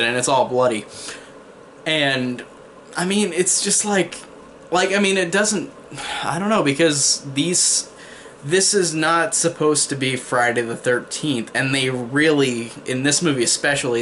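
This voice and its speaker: A man's voice: mid-range voice, fairly bright tone, a little hiss or hum. A young man giving a casual spoken movie review, rambling with lots of fillers and restarts. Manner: mocking character voices when quoting.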